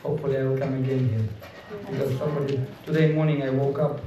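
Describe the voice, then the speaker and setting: A man with giving an animated devotional class, acting out voices as he tells stories and laughing often. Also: medium pitch, fast, crowd noise. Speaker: visiting speaker. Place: home gathering room. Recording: echoey room, mic far off, audience around.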